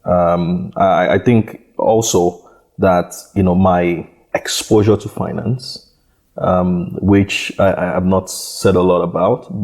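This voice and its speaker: A man with a very low, dark voice answers interview questions about building a startup. He talks in a halting way, repeating words and leaning on "you know" as he goes. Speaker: startup founder guest. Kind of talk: conversational interview.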